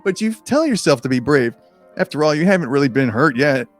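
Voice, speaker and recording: A man's voice: a little high, big pitch swings, a little fast, faint music behind. A man reading a choose-your-own-adventure book aloud in a casual, comedic way, with rambling, self-deprecating asides and frequent swearing.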